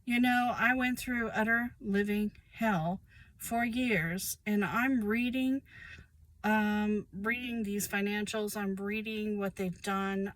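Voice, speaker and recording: A woman's voice: medium pitch, fairly bright tone, poor audio. A woman, speaking in a casual, emphatic monologue about her own life and repeating phrases for weight. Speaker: vlogger sharing personal experience.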